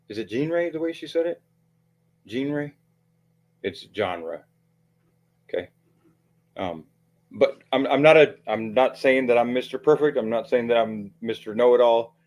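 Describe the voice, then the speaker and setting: A man's voice: medium pitch, normal speed, darkish tone. A man giving heated, profane livestream commentary, rambling with frequent restarts and fillers.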